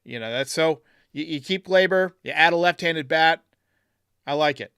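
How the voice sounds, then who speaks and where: Chatty live-stream host with a higher voice. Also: male voice, moderate pace, bright, forceful tone, smooth, no echo, studio quality. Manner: chatty, thinks aloud, reads viewer comments. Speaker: podcast host reading live chat. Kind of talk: casual live-stream talk.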